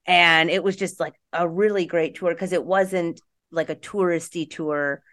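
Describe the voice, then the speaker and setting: A woman's voice: fairly low pitch, fairly even intonation, measured pace, a bit bright. A woman hosting a podcast in casual chat, bubbly and rambling with lots of filler words. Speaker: podcast host.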